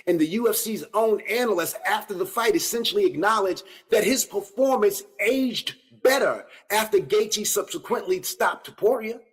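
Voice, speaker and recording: A man's voice: sits high, moderate pace, few pauses, husky. A man hosting a combat-sports podcast, breaking down a fight and talking straight to his viewers with casual slang. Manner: animated, addresses viewers directly with slang. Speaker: podcast host. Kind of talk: solo fight-analysis podcast.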